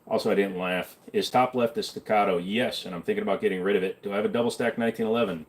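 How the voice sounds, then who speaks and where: A man's voice: on the low side, fairly even intonation, racing. A man hosting a casual livestream and answering chat in a blunt, offhand way, swearing now and then. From Canada. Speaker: livestream host reading chat.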